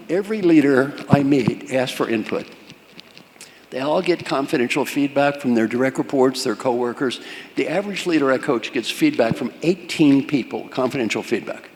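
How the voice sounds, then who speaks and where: A man's voice: mid-range voice, a little mellow. An older man giving a leadership coaching talk to a live audience, with punchy, repeated instructions and questions thrown at the crowd. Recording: long hall reverb, faint room noise.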